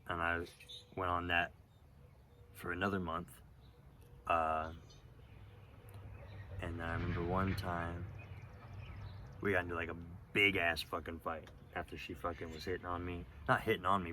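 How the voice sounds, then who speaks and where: Low-voiced young man, rambling and profane. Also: pushed and bright, slight background noise. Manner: rambling, profane, halting with many fillers. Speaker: vlogger. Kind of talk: casual storytelling monologue.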